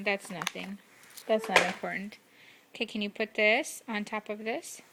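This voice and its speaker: A woman's voice: mid-range voice, vocal fry, a bit bright, a little hiss or hum. A mother at home talking to her toddler in a coaxing, sing-song voice. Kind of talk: casual talk to a toddler. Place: at home indoors.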